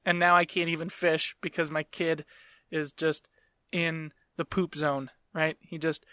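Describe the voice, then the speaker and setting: Brief: young man, slightly high voice, swearing casual storyteller, dry close mic. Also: flat delivery, measured pace, sharp tone, no echo. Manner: profane, rambling, self-mocking. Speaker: podcast host.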